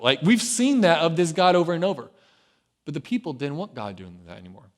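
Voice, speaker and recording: A man's voice: on the high side, very animated, a little fast, a bit bright. A man preaching a sermon in a casual, conversational way. He keeps checking in with the crowd with "right?" and acts out the voices in his story. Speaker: pastor.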